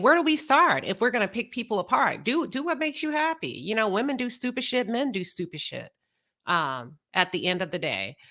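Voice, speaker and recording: A woman's voice: mid-range voice, bright, forceful tone. A married woman speaking as a guest on a panel, frank and chatty, with plenty of "you know" and "I mean". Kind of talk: casual chat.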